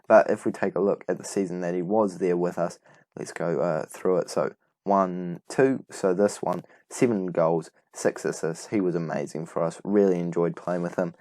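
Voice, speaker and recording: This young man's voice sits low and a little mellow, moving at a moderate pace with no room sound. He's a gaming YouTuber casually commentating on a football management game, rambling enthusiastically and correcting himself as he goes.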